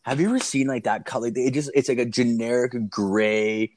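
A man's voice: medium pitch, steady tone, normal speed, darkish tone, a little hiss or hum. A young man chatting casually on a podcast, telling profane, rambling stories about his work. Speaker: podcast co-host. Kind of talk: casual chat.

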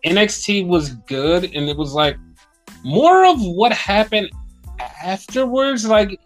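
A man co-hosts a podcast, chatting casually and animatedly about wrestling, swearing often and acting out rants. His voice is high-pitched with lively intonation and a slow pace, and faint music plays behind him.

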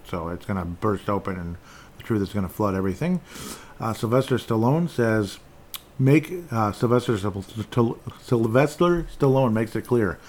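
A man's voice: lowish voice, a little mellow. A man hosting his own show, talking through news items in a rambling, sarcastic way with many restarts. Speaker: podcast host. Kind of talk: casual political commentary.

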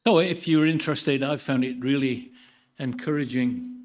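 A man from the United Kingdom preaching a sermon in a church, moving from a measured Bible reading into relaxed talk with dry humour. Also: mid-range voice.

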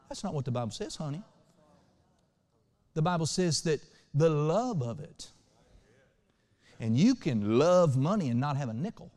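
A male pastor preaching a sermon. He swings between loud and hushed lines and asks the congregation to respond. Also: on the high side, big pitch swings, moderate pace, pauses often, in a large hall.

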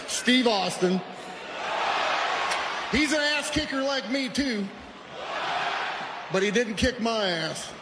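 Boastful man shouting over a roaring crowd. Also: very high-pitched, expressive, slow, pauses often. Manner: shouting, boastful, laughing between lines. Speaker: wrestler in a played clip. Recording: noisy arena clip with loud crowd.

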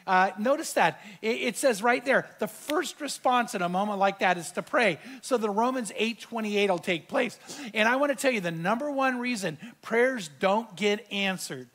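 A middle-aged male pastor delivers a sermon in a fairly high voice. He tells a personal story and acts out the quoted dialogue with animated energy. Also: normal speed, few pauses.

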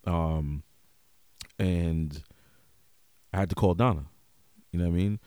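Deep-voiced man hosting a podcast. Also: slow, clear, resonant tone, no echo. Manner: relaxed and open, heavy on "yo", "um" and "you know what I mean". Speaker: podcast host. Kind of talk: casual podcast chat.

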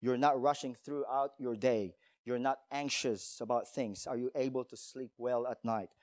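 A man's voice: medium pitch, steady tone, moderate pace, darkish tone, dry recording, studio quality. A male pastor preaching a sermon in a church, emphatic, telling stories and asking rhetorical questions.

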